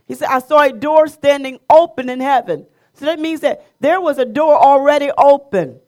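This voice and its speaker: A woman's voice: high-pitched, normal speed, a little mellow. A woman leading a Bible study, building to emphatic, repeated phrases. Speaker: Bible teacher.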